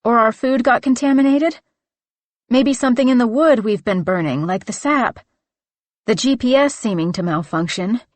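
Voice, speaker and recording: A woman's voice: on the high side, moderate pace, dry recording, voice pushed up, natural voice. Woman doing a hesitant young research assistant, lifting her questions. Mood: nervous, reasoning. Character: young female research assistant, reasoning nervously.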